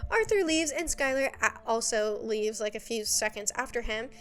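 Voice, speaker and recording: Young woman, higher voice, smooth and clear; chatty sassy recapper, faint music behind. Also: normal speed, fairly bright tone, no echo. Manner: sassy, exasperated asides, lots of "like". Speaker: video creator recapping a web series. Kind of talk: casual chatty recap commentary.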